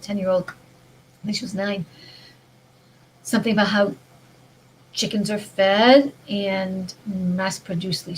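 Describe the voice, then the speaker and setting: A woman vlogger with a mid-range voice gives a casual spiritual monologue about mindful living, speaking earnestly and rambling, often restarting her sentences. The recording is low quality, with a little hiss or hum.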